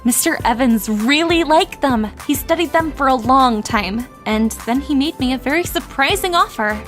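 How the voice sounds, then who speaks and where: High-voiced young woman telling a dramatic story. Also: lively intonation, normal speed, fairly bright tone, faint music behind. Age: young adult. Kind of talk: first-person storytime narration.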